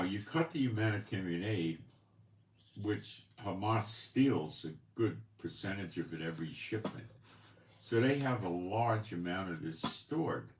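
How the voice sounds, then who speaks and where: A man hosts his own channel from a home studio in Israel, his voice sitting low with a roomy sound. His commentary is casual and rambling, conversational and peppered with asides and rhetorical questions.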